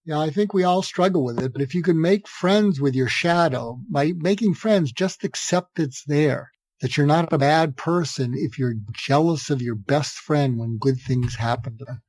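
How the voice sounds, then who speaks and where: A man's voice: a little high, moderate pace, a little mellow, no echo. Older man, earnest, in a dry close recording. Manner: earnest, restarts phrases, acts out sample dialogue. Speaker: psychiatrist guest. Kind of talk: conversational podcast interview.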